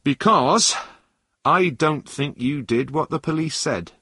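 Level-headed truck driver guy, husky, dry close sound, man doing it. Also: a little high, expressive, slow pace, pushed and bright, no room sound, voice pushed up, exaggerated voice. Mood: calm. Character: steady adult lorry driver.

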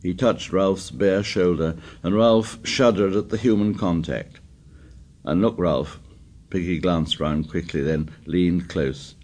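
A man narrating an audiobook in a measured, steady reading voice. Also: deep voice. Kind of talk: scripted narration.

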